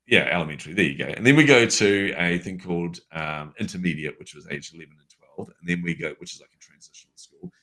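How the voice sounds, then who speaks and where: A man with a New Zealand accent, a guest telling a story from his life in a lively, casual way with everyday fillers. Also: low voice, fast, hardly any pauses. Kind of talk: conversational storytelling.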